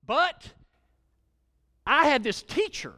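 A middle-aged male pastor preaching a sermon, reading scripture aloud and swelling loud on key words. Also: very high-pitched, sing-song, takes it slowly.

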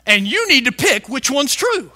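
A male preacher delivering a fiery sermon, shouting some lines and stretching words out slowly for emphasis. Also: very high voice, sing-song. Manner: fiery, shouting emphasis with big swings in loudness.

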